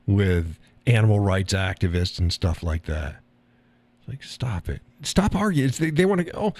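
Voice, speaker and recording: A man's voice: on the low side, sing-song, normal speed, a little mellow, no room sound. A man hosting a live stream, chatting casually and answering his viewers with frequent laughs. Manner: rambling, laughs often, reads and answers chat.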